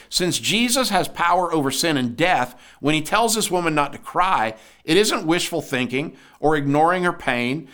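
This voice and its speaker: A man's voice: on the high side, fairly bright tone. A man giving a devotional podcast sermon, earnest, asking listeners questions and building to emphatic peaks. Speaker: podcast preacher.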